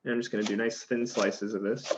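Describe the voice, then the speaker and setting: A man's voice: on the low side, little pitch movement, fairly quick. A male chef giving a cooking demonstration, explaining each step in an easygoing, chatty way as he chops vegetables in a kitchen. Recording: slightly dull sound with faint noise.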